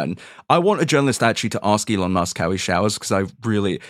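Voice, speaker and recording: Low-voiced British man, sardonic guest. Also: expressive, fast, no echo, studio quality. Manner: sardonic, joking. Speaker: guest, podcast host. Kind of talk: casual podcast chat.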